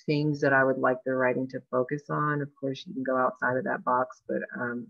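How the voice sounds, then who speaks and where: Facilitator for a guided tapping session: calm, level delivery, slow with pauses, dull online-call sound. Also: mid-range voice, gravelly, no room sound. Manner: calm, unhurried, pausing often. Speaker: meditation facilitator. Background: faint soft music.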